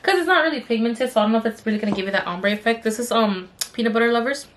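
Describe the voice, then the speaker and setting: Chatty woman vlogger, slightly high voice. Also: very fast, a little hiss or hum. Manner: chatty, rambling with many fillers. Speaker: beauty vlogger. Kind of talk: casual storytime while doing makeup.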